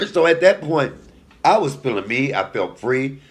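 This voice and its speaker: A man in his forties, mid-range in pitch, tells a personal anecdote as a comedian. Talking directly to his audience with sass and energy, he laughs at his own jokes while his volume dips to hushed asides and climbs to loud outbursts.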